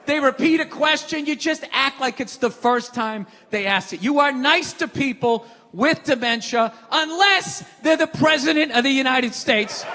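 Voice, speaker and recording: A man doing a stand-up rant on stage, cursing freely and yelling his punchlines while mocking people in put-on voices. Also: extremely high pitch. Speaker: stand-up comedian. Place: large comedy venue with a live audience. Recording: live stage recording, long hall reverb, crowd noise.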